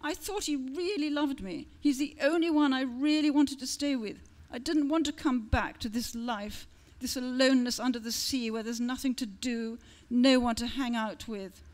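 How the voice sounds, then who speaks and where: A heartbroken young mermaid speaks glumly through her pout, voiced by a woman reading her own story. She sounds sulky and close to tears. The voice stays soft and low. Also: moderate pace, hardly any pauses, close to an everyday voice. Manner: glum, pouting, tearful.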